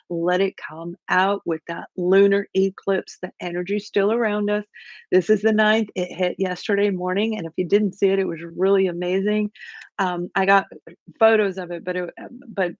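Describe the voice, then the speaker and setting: A woman hosts a live tarot reading in a chatty, animated way and greets viewers from the chat. Her voice sits at a middle pitch. The sound is dry and a little dull, like a home setup. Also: normal speed, dry recording. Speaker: tarot reader hosting a livestream.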